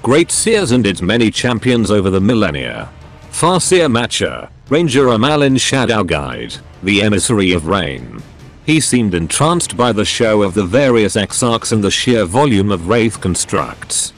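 Low synthetic male storyteller. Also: sing-song, measured pace, faint music behind. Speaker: narrator.

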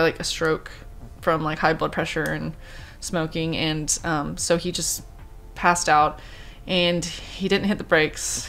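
A grieving woman in her thirties tells a personal story to her vlog audience. Her voice sits a little low, and she talks in halting runs, circling back with fillers and restarts while she quotes what others said. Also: fairly bright tone. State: grieving, subdued. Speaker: vlogger.

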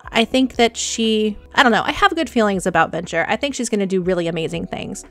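A young woman hosting a gaming channel, chatting casually and excitedly through her gameplay and talking to her animals. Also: mid-range voice, fairly quick. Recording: dry close mic with faint music.

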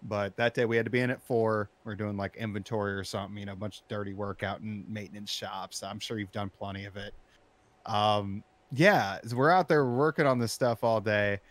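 Low-voiced man telling a heated story. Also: brisk. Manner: animated, profane, rising to shouting when recounting anger. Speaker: storyteller in interview. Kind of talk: casual conversational storytelling.

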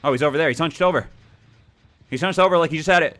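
Young male let's-player, bright and animated, gleefully taunting and yelling. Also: on the high side, fast talker. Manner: playful taunting, excitable outbursts. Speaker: gaming YouTuber. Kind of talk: let's play commentary.

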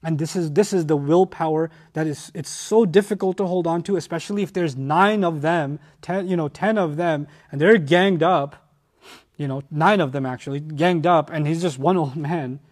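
Male scripture teacher, animated and emphatic, higher-pitched voice. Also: moderate pace. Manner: animated and emphatic, with frequent restarts. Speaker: Quran teacher. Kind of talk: lecture on scripture.

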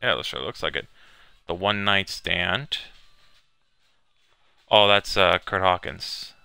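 Low, gravelly-voiced gamer man. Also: takes it slowly, sharp tone, no room sound. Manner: hesitant, many fillers, reads on-screen text aloud. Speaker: gamer playing a video game. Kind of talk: casual let's-play commentary.

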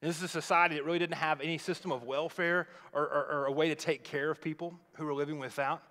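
A man preaches a sermon, walking his listeners through a scripture story in a relaxed, conversational way. His voice sits a little high for a man. The sound carries a long reverb from the large church hall around him. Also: fast. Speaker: pastor.

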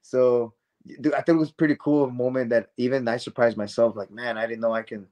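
A man telling stories as a guest in a casual interview, excitable and rambling, full of "man" and "dude". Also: medium pitch, a little fast. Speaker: guest, professional wrestler.

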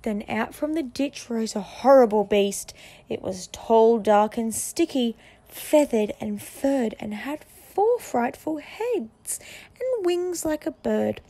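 High-voiced woman reading a picture book. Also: slow pace. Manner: expressive storytelling. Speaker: narrator.

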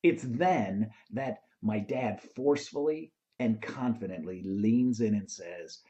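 A man hosting his own show, telling a motivational story in an animated way and acting out the lines of the people in it. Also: on the low side, slow, hardly any pauses, highs cut off. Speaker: host.

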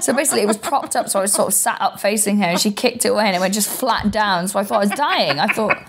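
A woman's voice: mid-range voice, fast talker, fairly bright tone, breathy edge. A woman, a comedian co-hosting a podcast, telling stories in casual chat with a rambling, sweary manner.

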